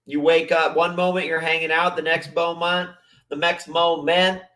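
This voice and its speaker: A man's voice: a little high, level tone, normal speed, bright, forceful tone. A man hosting a casual livestream, rambling and swearing as he reacts to chat and videos. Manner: profane, rambling, mimics voices. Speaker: livestream host.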